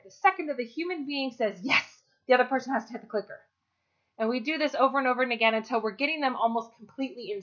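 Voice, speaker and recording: A fairly high-voiced woman talks through a dog-training lesson in a practical, chatty way, with fillers here and there. The recording sounds dull and lo-fi. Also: fairly bright tone. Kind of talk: instructional talk.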